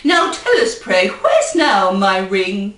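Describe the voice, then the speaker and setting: A woman's voice: mid-range voice, wildly swooping pitch, slow, a bit bright, voice pushed down, exaggerated voice. A woman voicing a haughty queen who roars and talks in a funny way. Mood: exasperated. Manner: roaring and funny-sounding. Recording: roomy, distant mic.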